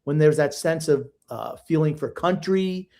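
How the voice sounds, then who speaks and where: A man's voice: a little high, moderate pace, darkish tone. An older man co-hosting a sports podcast, blunt and emotional in casual chat. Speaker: podcast co-host.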